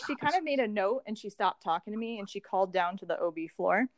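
Young woman guest, lively storyteller who plays out the dialogue; dry, close recording. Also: medium pitch, fast talker, no echo. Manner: animated, acts out quoted dialogue, laughs often. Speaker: guest sharing birth story. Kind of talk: casual conversational storytelling.

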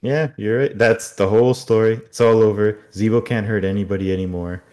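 A man co-hosting a podcast, recapping an episode in casual, animated chat. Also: fairly low pitch, brisk. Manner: animated storytelling, puts on silly voices. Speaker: podcast co-host.

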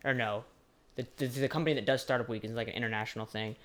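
A man's voice: medium pitch, fairly even intonation, rapid-fire, fairly bright tone. A young adult man interviewing a fellow student, rambling and searching for words with lots of "like". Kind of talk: casual interview chat.

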